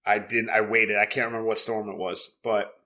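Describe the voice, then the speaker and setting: A man's voice: on the low side, flat delivery, brisk, bright, forceful tone. A man co-hosting a casual podcast, telling stories in a profane, rambling way with many fillers and bursts of laughter. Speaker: podcast co-host.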